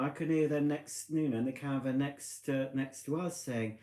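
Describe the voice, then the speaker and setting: A man's voice: medium pitch, fairly even intonation, moderate pace, hardly any pauses, dark tone. A tipsy man chatting casually on a live stream from his living room, rambling and poking fun at himself. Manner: rambling, chatty, self-mocking. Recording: echoey room.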